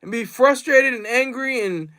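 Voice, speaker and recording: A man's voice: very high voice, moderate pace, sharp tone. A man rambling through a casual livestream monologue, repeating himself and reading out the chat. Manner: rambling and repetitive, reads chat aloud.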